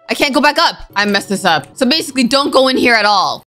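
A young woman giving casual, excitable commentary as she plays a game, full of exclamations and slang. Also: on the high side, fast, soft background music. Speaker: gaming YouTuber. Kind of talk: casual let's-play commentary.

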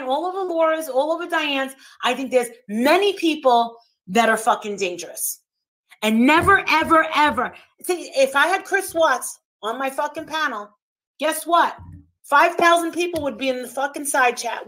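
A high-voiced woman hosts a livestream and rants in a heated, combative way. She swears constantly, talks over others and hammers her points home by repeating them. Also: a bit bright. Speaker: livestream host.

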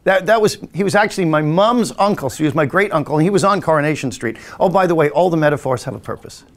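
An animated, fast-talking English hypnotist in his sixties hosts a podcast, his voice sitting on the high side. He rambles through stories of his youth in an easy, casual way, playing the parts of his family members.

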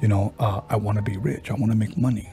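With a warm, dark, lowish voice and fairly even intonation, a podcast host relaxes into a casual ghost story. He trades off narration and his friend's quoted lines, often stumbling, restarting and using fillers. There's faint music in the background.

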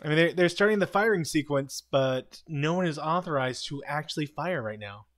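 A man hosting a casual live stream, retelling a TV episode scene by scene with quick quoted lines and frequent chuckles. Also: fairly high pitch, lively intonation, fairly bright tone. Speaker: live commentary host.

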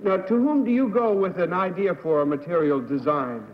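A higher-voiced man on a game show panel, asking questions in a joking, halting way. His voice comes through a dull 1960s TV recording in a studio with a long echo. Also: a little hiss or hum. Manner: joking, hesitant.

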